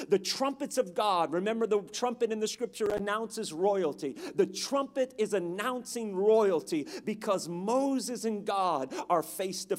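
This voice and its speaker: A man with a high voice preaches with dramatic, emphatic delivery. He builds to rousing questions and calls the congregation to answer back. The delivery is that of a full sermon.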